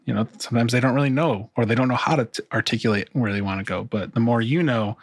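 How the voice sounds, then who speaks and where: A man's voice: mid-range voice, quick pace, husky, no room sound, studio quality. A man who works as a music producer, talking casually in an interview, rambling with many restarts and fillers.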